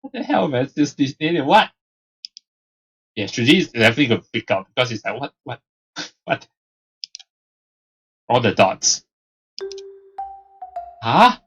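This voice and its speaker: Husky incredulous let's play host. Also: female voice, a bass voice, very animated, moderate pace, long pauses, soft background music. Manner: incredulous, laughing, repeating "what?". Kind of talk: game commentary.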